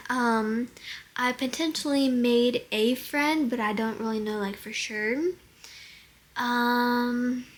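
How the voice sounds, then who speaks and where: A teenage girl chatting casually at home on a handheld camera, hesitant, with lots of ums, trying out silly accents. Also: fairly high pitch. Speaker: daughter of the vlogger. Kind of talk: casual chat.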